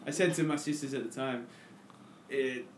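Australian guy, podcast guest, lively storyteller in an echoey room, mid pitch. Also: normal speed, slight background noise. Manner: animated, acts out his own past lines. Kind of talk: casual storytelling chat.

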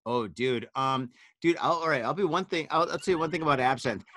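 A man's voice: on the high side, a little fast, sharp tone. A man hosting a casual podcast chat, tipsy from wine, telling rambling stories full of swearing and "dude". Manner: profane, rambling storyteller, says dude and man a lot. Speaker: podcast host.

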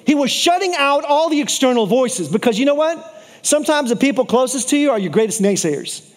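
A man with a strikingly high voice preaches a sermon. He tells the story with lively energy, breaks off for playful asides to the congregation, and repeats key lines to drive them home. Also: a little fast. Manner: repeats phrases for emphasis.

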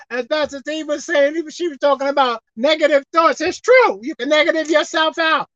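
A woman preaching a sermon, emphatic, swinging between loud exhortation and quiet asides, slowing down to read scripture. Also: high-pitched, dry recording, lo-fi sound.

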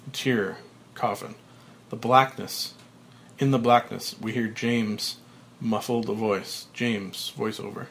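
A man hosting a podcast, reading a screenplay's stage directions aloud in a plain, even way with small slips. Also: on the low side, takes it slowly, creaky, slight background noise. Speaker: podcast host.

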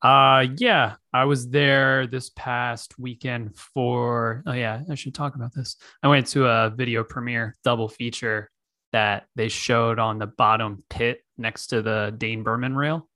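A man hosting a podcast speaks in a bright, forward voice, easygoing and measured. The sound is dry and close, with little room in it. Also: mid-range voice, flat delivery, no echo. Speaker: podcast host. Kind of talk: casual chat.

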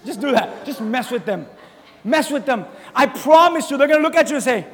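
High-voiced joking preacher in a reverberant church. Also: male voice, quick pace, some chatter behind. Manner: animated, joking preaching with shouted emphasis. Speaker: pastor. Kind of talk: sermon. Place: church sanctuary. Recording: long reverb of a church hall.

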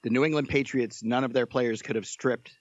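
A man guest on a podcast telling a story in a casual, animated, joking way. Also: mid-range voice, fairly quick, no echo, lo-fi sound.

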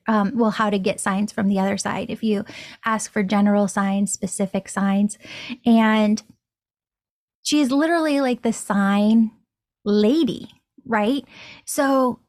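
A woman in her thirties, a podcast host, telling a personal story in an animated, excitable way. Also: medium pitch, no room sound, studio quality. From Florida. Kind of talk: casual storytelling monologue.

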